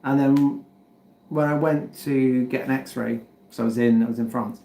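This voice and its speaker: An English man talks loosely to his livestream audience in a rambling, self-mocking way, reacting to viewer comments as he goes. His voice sits at a middle pitch and rings around a roomy, echoey home studio. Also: steady tone, normal speed, mellow. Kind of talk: casual livestream chat.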